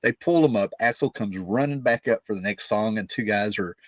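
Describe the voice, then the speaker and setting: A man's voice: on the low side, moderate pace, no room sound. A man in his fifties telling a rambling, casual story as a music vlogger, often checking in with "right?" and "you know".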